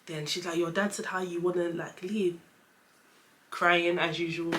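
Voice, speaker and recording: Bright chatty young woman. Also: lowish voice, steady tone, slight background noise. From London, England. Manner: chatty, lots of fillers, acts out dialogue in quick voices. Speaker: vlogger. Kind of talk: casual storytelling chat.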